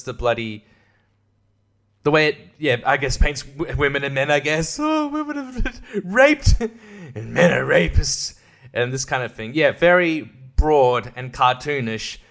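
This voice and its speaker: A man's voice: medium pitch, a bit bright. A man hosting a podcast, ranting about a film in a sarcastic, profane way, often laughing and mocking characters in put-on voices. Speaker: podcast host. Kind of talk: casual film review rant.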